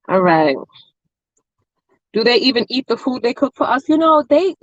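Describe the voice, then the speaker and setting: A woman's voice: fairly high pitch, a bit bright, no room sound, dull audio. A woman hosting a mukbang livestream, chatting casually with viewers and telling stories between bites. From family from Nevis. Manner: chatty, storytelling, playful asides to chat. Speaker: mukbang host. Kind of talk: casual chat with live viewers.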